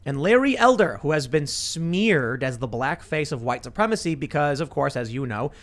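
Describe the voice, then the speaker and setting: A man's voice: a little high, expressive, moderate pace. A man hosting a casual political talk show from a studio, rambling with lots of restarts and repeated words. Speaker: show host. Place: podcast studio.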